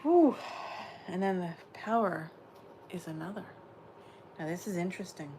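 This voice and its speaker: A woman giving a spiritual oracle card reading, gentle and dreamy, often slipping into soft whispers. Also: fairly low pitch, steady tone, moderate pace, a little hiss or hum.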